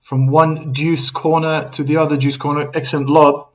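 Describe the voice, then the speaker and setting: A man commentating a tennis match on a live stream, in a chatty, loose play-by-play. His voice sits a bit high for a man, and he breaks off to read and answer viewer comments. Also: little pitch movement, normal speed, rough recording. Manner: chatty, reads viewer comments aloud, laughs easily.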